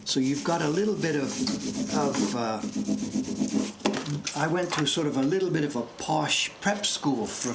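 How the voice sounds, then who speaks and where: A man in his sixties with a Canadian accent carrying faint English traces, chatting casually and enthusiastically while streaming from his print workshop. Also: mid-range voice. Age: 60s. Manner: chatty, enthusiastic, easily amused. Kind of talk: casual live-stream chat. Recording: echoey room with background noise.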